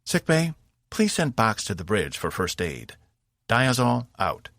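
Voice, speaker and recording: A man voicing a female starship captain who gives firm, clipped orders with calm authority. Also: lowish voice, unhurried, vocal fry, no echo, clean studio sound, pitched above the performer's own voice, heavily acted.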